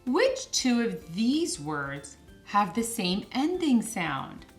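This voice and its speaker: A woman teaching young children phonics in a slow, clear, sing-song way, stretching each word out. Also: faint music behind. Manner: sing-song, stretches words slowly with lively pitch.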